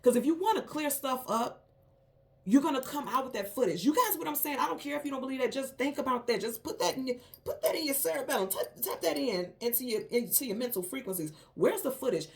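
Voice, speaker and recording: Animated woman telling a story emphatically. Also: high-pitched, quick pace. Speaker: tarot reader, channel host. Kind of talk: casual spoken monologue.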